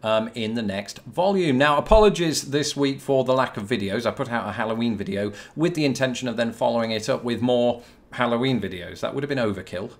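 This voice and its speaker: Young British man, host of a casual to-camera Q&A; mid-pitched, chatty and rambling, dry self-deprecating wit. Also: brisk. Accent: British English. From Britain. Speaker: YouTube host answering viewer questions.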